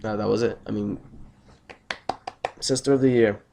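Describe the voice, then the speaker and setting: Low gravelly young man, rambling. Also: steady tone, normal speed, noisy background. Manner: rambling, profane, blunt. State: just woken up, tired. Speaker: vlogger. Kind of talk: casual storytelling vlog.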